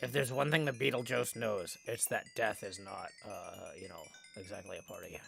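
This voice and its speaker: A man's voice: fairly low pitch, fairly even intonation, moderate pace, gravelly, fairly bright tone, soft background music. A tired man running a live game stream, reading chat messages aloud and bantering with viewers at a desk microphone. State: tired, low on energy.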